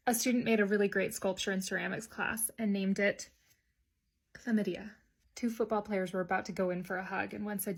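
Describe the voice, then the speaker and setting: A woman teacher telling classroom stories to camera, wry and dry, sometimes dropping to hushed gossipy asides. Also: medium pitch, steady tone, moderate pace, creaky, breathy edge. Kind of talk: casual storytelling to camera.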